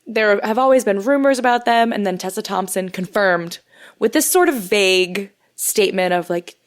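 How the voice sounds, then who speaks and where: A woman's voice: medium pitch, expressive, moderate pace. A woman in her thirties co-hosting a podcast, chatting casually and rambling, often laughing. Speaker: podcast co-host. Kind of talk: casual chat.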